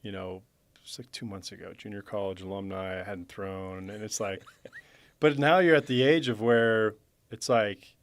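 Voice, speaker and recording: Rambling low-voiced male podcast host. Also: fairly even intonation, normal speed. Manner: rambling, loose, filler-heavy. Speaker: podcast host, former player. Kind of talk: casual chat.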